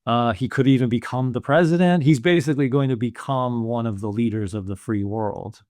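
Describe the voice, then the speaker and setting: Male podcast co-host, mid-pitched, musing and casual, dry close sound. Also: fairly quick, darkish tone, no room sound. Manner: thoughtful, musing, many "you know" fillers. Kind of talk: casual film discussion.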